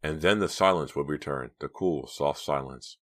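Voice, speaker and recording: A man narrating an audiobook in a quiet, steady reading voice. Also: rumbling low, normal speed. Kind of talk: scripted narration.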